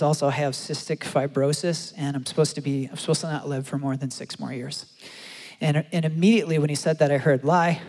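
A man preaching a sermon and telling a story, acting out the quotes with animated delivery. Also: mid-range voice. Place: large church hall. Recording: long hall reverb.

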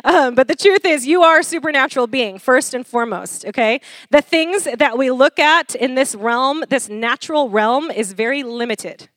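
A woman preacher delivering a lively sermon, laughing often and calling for responses from the congregation. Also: sits high, normal speed, few pauses, no echo.

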